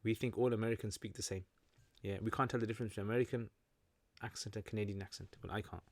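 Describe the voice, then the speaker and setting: A man's voice: fairly low pitch, steady tone, fast talker, no echo. A British man hosting a casual livestream Q&A, chatty and joking, explaining Arabic terms as he reads through viewer comments. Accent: British English. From Britain. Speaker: livestream host answering chat.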